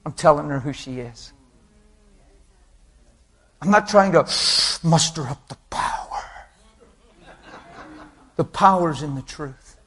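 A male preacher delivers a sermon in a slightly raised, husky voice. He tells his story with animation, dropping into quoted voices and laughing along with his listeners. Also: fairly high pitch, takes it slowly, pauses often. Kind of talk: sermon with acted anecdotes.

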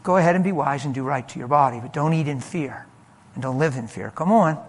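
Animated, emphatic male preacher. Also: fairly high pitch, brisk. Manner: animated, emphatic, shifts between loud and soft. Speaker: pastor. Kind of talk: sermon storytelling.

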